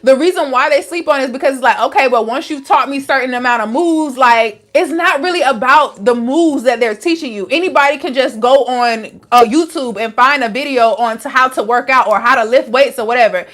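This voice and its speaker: A woman's voice: high-pitched, a little fast, few pauses, fairly bright tone. A young adult woman, a wellness coach, talking frankly and casually to viewers with lots of slang. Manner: frank and chatty, with frequent "like" and slang. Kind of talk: casual live-stream talk answering viewers.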